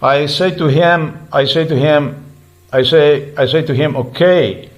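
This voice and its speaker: A man's voice: a little high, measured pace, poor audio. Agitated man retelling a confrontation. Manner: repetitive, restarts, swears when heated. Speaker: vlogger recounting a roadside dispute. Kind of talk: agitated personal account.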